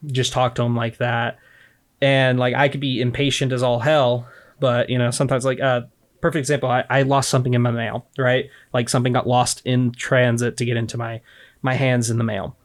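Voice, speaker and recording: A man co-hosting a podcast, chatting casually and talking fast with animated swings and frequent swearing. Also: mid-range voice. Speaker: podcast co-host. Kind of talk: casual chat.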